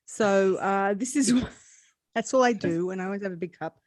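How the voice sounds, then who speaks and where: A woman's voice: mid-range voice, normal speed, a little mellow, no room sound, clean studio sound. A woman hosting a casual live-stream chat, rambling and laughing often. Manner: chatty, rambling, laughs a lot. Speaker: host.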